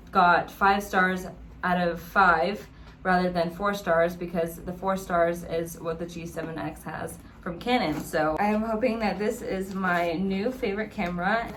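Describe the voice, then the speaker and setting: A woman's voice: fairly low pitch, slight background noise. A young adult woman vlogging in a casual, gushing way, with many "like" fillers. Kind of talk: casual vlog chat.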